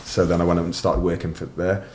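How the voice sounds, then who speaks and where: A middle-aged man recounting his story with candid, matter-of-fact ease. His voice sits very low, and the room is roomy and reverberant, with a faint hiss of ambience behind him. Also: monotone, fast talker, a little mellow. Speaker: podcast guest. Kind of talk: casual storytelling interview.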